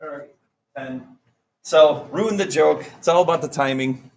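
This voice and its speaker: A man's voice: on the high side, unhurried, a little mellow, low-quality recording. Joking man teaching a math class. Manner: joking, quizzing students with countdowns. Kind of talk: classroom lesson.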